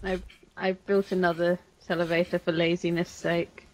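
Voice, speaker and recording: A woman's voice: lowish voice, little pitch movement, moderate pace, a little hiss or hum, low-quality recording. An English woman trades jabs while gaming with a friend. She swears casually and keeps a cheeky, blunt edge in her banter. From England. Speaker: co-player. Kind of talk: casual gameplay commentary.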